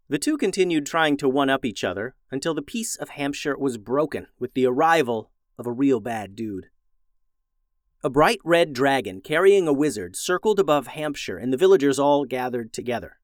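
A man narrating a scripted children's story in a gentle, expressive storytelling manner, as host of the show. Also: mid-range voice, no room sound, clean studio sound.

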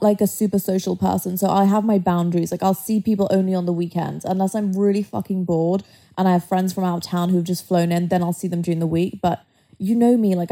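A young woman with a warm, mellow voice co-hosting a casual podcast. She speaks bluntly and frankly, with offhand swearing. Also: medium pitch. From Dubai. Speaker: podcast co-host. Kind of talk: casual chat.

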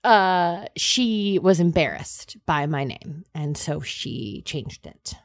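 A woman co-hosting a podcast, chatting casually and excitably, with frequent laughter and theatrical interjections. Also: low voice, takes it slowly, background noise. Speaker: podcast co-host. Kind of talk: casual chat.

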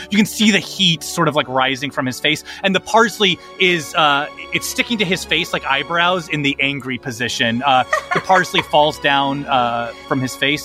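A man's voice: fairly high pitch, pushed and bright. A man narrating as game master in a tabletop game, loose and playful with many fillers.

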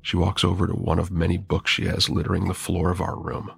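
A man's voice: low-pitched, flat delivery, fairly quick, gravelly, fairly bright tone, slightly rough. A man narrating a first-person horror story with wry, dramatic delivery.

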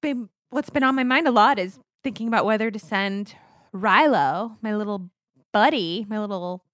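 A woman's voice: medium pitch, moderate pace, fairly bright tone, no room sound, studio quality. Chatty candid woman podcast co-host. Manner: chatty, candid, rambling with self-corrections. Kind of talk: casual chat.

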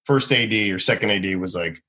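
A man in his thirties, a comedian guest, telling stories casually and acting out people in high excited bursts. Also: fairly quick. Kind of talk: casual storytelling.

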